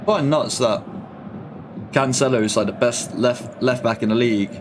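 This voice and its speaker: A man's voice: medium pitch, normal speed, noisy background. A young man chatting casually on a live football watch-along stream, full of slang and reading comments from his chat. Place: home. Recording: faint music behind.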